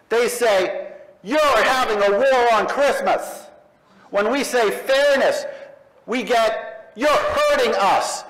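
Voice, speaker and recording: Middle-aged guy speechifying to a crowd live, kinda high voice, hammers each line slow and emphatic w/ pauses. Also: rough recording. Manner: emphatic, slow, punchy declarations with pointed pauses. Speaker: speaker at an atheist convention. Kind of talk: public speech to a live audience. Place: live event in front of an audience.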